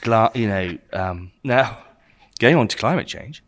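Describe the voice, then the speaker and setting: A man's voice: lowish voice, animated, unhurried. A man presenting wines in a casual chat, explaining with enthusiasm. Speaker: wine expert presenting wines.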